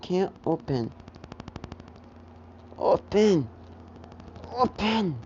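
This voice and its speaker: A woman's voice: on the low side, big pitch swings, very slow, dark tone, a little hiss or hum, voice pushed up, heavily acted. A woman voicing a three-year-old boy who speaks in broken baby talk and squeals when scared, on a dull lo-fi recording. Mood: upset. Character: toddler boy, frightened and eager to help.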